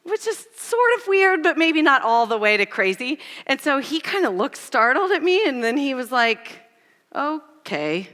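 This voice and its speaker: Woman church speaker, high bright tone, animated and self-mocking, big reverberant hall. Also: normal speed, hardly any pauses. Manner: animated, self-deprecating storytelling. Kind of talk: storytelling sermon.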